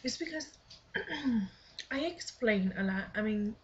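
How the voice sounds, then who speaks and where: A woman's voice: a little high, expressive, slow pace, lo-fi sound, a little hiss or hum. A woman in her twenties reflecting earnestly in a personal vlog, partly reading her own blog aloud, sometimes dropping to a near whisper. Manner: earnest, thoughtful, with soft half-whispered stretches. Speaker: vlogger.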